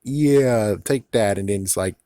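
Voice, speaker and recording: A low-pitched man rambles through a casual review, swearing freely and laughing at his own jokes. The sound is dry, with no room echo. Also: a little slow, dark tone. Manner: rambling, profane, laughs often. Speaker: YouTube reviewer.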